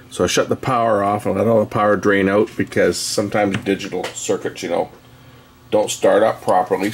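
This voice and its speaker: A middle-aged man casually demonstrating an electronics board, relaxed and explanatory with frequent pauses and fillers. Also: fairly low pitch, creaky, a little hiss or hum. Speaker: electronics hobbyist channel host. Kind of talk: casual hands-on product demo.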